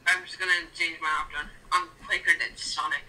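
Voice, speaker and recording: A man's voice: a little high, fairly even intonation, a little fast, pushed and bright, poor audio. A young man playing a game with a friend and teasing him in a playful way. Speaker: guest player. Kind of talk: casual gaming chat.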